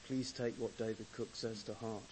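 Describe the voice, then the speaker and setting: A man preaching a sermon with measured, deliberate pauses, who swells to emphatic loudness when he reads scripture. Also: on the low side, fairly even intonation, a little hiss or hum, rough recording. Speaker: pastor.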